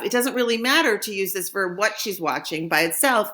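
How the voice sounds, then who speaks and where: A woman leads a recorded French lesson. She says each phrase slowly and clearly so that students can repeat after her, then moves on in an encouraging teacher's voice. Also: medium pitch, bright, forceful tone. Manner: slow modeling of phrases for repetition.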